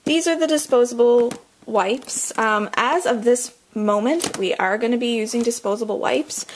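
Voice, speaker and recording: A woman's voice: a little high, moderate pace, slight background noise. A young woman giving a casual vlog tour of a home nursery, out of breath and chatty, full of ums and likes, trailing off as she moves around. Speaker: vlogger.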